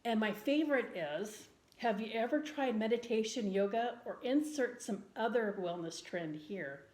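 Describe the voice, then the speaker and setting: A woman vlogger in casual chat, speaking earnestly and gently with frequent ums and restarts. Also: fairly high pitch, normal speed. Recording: roomy indoor echo.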